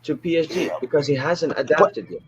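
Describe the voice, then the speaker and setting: A man's voice: on the high side, brisk, muffled recording, a loud crowd. A man on a football podcast, pushing his talking points in casual chat. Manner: pushy, raises talking points. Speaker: podcast panelist.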